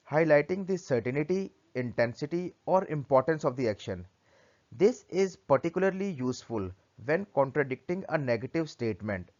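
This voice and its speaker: A man teaching English grammar, reading out a lesson and its example sentences one by one in a deliberate way. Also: fairly high pitch. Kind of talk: read-aloud grammar lesson. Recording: dull lo-fi recording.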